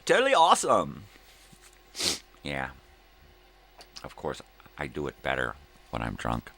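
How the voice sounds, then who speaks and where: A man's voice: a bass voice, wildly swooping pitch, unhurried, creaky, pauses often, a bit bright. An older man hosting a casual livestream chat, rambling and laid-back, laughing often, hungover. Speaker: livestream host.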